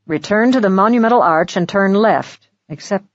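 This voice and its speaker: A woman narrator voicing a grim, protective male spy partner with a clipped, low delivery. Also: lively intonation, moderate pace, dull audio, lightly acted.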